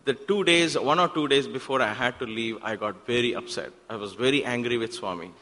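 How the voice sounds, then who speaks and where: A man, telling a personal story in a talk at a devotional center and acting out the exchanges in sudden loud bursts. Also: mid-range voice, a little fast. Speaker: guest speaker at a spiritual center. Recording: long hall reverb.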